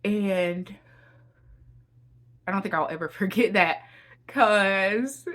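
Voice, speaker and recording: In a slow, mid-range voice that's a bit bright, a young Christian vlogger encourages her viewers through heartfelt personal testimony. She tends to repeat phrases and refers to her audience as y'all.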